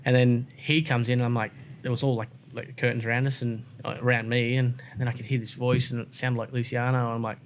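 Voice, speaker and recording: An Australian man, a podcast guest, telling stories in a relaxed, rambling way full of "like" and "um". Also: mid-range voice, a little fast, a little hiss or hum. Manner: relaxed, rambling, many "like" and "um" fillers. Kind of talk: casual interview storytelling.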